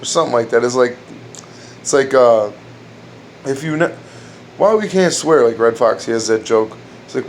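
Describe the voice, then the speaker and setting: A man trying out crude stand-up jokes at home, rambling, restarting lines and laughing at his own punchlines in a dark room. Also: medium pitch, lively intonation, moderate pace, long pauses, slight background noise. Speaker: amateur comedian trying out jokes. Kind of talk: casual joke-telling at home.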